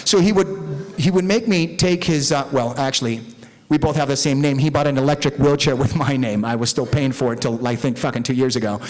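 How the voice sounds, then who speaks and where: A middle-aged man from Mexico, speaking at a recovery meeting in a profane, rambling, animated storytelling style before an audience. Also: medium pitch, fairly quick. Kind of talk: candid storytelling talk.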